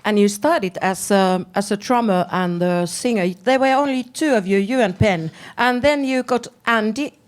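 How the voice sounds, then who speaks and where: A woman's voice: mid-range voice, moderate pace, hardly any pauses. A woman in her fifties, a native Finnish speaker, interviewing a guest in English on stage with short questions and supportive backchannels.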